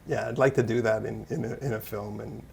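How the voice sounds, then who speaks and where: A man with a low, heavily gravelly voice, answering interview questions in a loose, rambling way. He often laughs at himself, and his pitch stays fairly flat. A faint hiss sits under the recording. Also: a little fast. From Canada. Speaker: interview guest, actor and musician. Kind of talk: casual interview.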